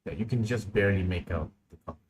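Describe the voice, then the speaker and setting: A young man chats half to himself as he works through a live stream, his voice sitting very low and relaxed. He mutters and restarts his thoughts casually, close to a desk mic. Faint room hum and mouse clicks sit behind him. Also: fast. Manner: muttering, thinking aloud while working.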